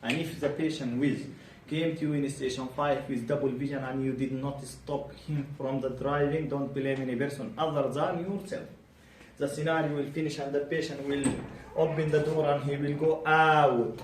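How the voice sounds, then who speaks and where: A man teaching a bedside clinical exam to students, animated and quizzing them repeatedly. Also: a little high, normal speed. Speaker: medical exam tutor. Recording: roomy, distant, faint background hum.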